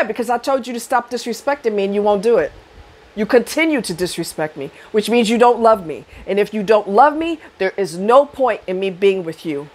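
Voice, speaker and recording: A middle-aged woman giving dating advice in a blunt, profane monologue to camera, rising loud and high when she rants. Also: animated, normal speed.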